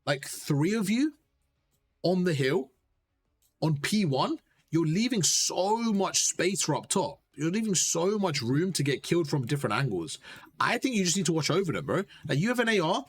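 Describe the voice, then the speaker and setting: A man coaching a player through gameplay footage, direct and animated, repeating his points and calling him bro. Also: a little high, normal speed, breathy edge. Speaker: gaming coach.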